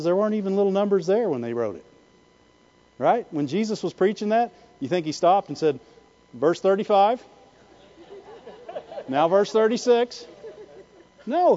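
Animated high-voiced male preacher. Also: dull audio. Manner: animated preaching, repeated "Amen?" and "Why?" to the congregation. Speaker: pastor. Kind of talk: sermon.

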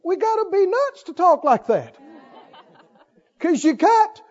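High-voiced older preacher, emphatic. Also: male voice, sing-song, slow, muffled recording, a faint crowd. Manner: emphatic, repeats call-and-response questions, swings between loud and soft. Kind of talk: sermon.

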